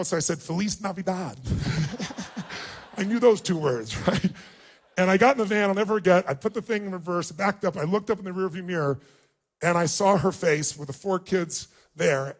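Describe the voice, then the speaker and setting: Recounting a personal story, a motivational speaker delivers his speech emotionally and emphatically, his voice swinging widely in pitch.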